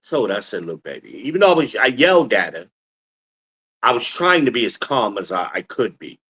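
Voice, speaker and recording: Guy rambling on his phone stream, cussing, gets loud and bossy, bright punchy voice. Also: mid-range voice, sing-song, moderate pace, slightly rough, highs cut off. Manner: rambling, swears, raises his voice forcefully. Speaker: podcast host. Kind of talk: casual livestream talk.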